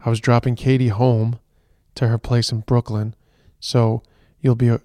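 Speaking unhurriedly in a mellow, mid-range voice with little movement in pitch, an Irish podcast co-host chats casually, frequently restarting his loose phrases. He's in a moving car with traffic and trains audible, though there's no room sound.

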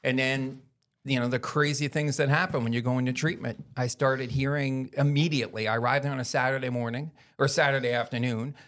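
A man's voice: mid-range voice, fairly even intonation, brisk, few pauses, a bit bright. Blunt, profane man telling his story. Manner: blunt, profane storyteller who acts out the people he quotes. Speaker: podcast guest. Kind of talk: storytelling in a casual podcast chat.

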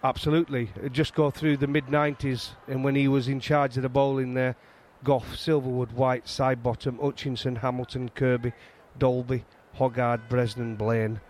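Middle-aged Yorkshire man, chatty storyteller, mid pitch, faint outdoor noise behind. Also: moderate pace, hardly any pauses. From England. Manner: animated storytelling, frequent restarts. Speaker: guest, former fast bowler. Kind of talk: casual chat.

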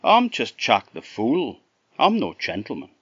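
A man's voice: mid-range voice, wildly swooping pitch, measured pace, husky, dry recording, lo-fi sound, voice pushed up, heavily acted. A man voicing a simple, bashful young man with a Scottish accent, talking in a sheepish, hesitant folksy way.

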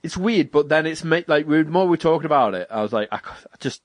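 Quick, expressive, and a little high, this young British man's voice comes through in clean, echo-free studio quality. As a podcast co-host in casual conversation, he tells meandering stories, performs people's quotes, and keeps laughing.

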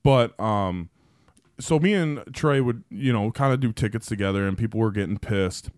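A man's voice: on the low side, moderate pace, a little mellow, no echo, clean studio sound. Profane rambling male storyteller. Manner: profane, rambling anecdotes with many fillers. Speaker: podcast guest. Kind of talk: casual storytelling.

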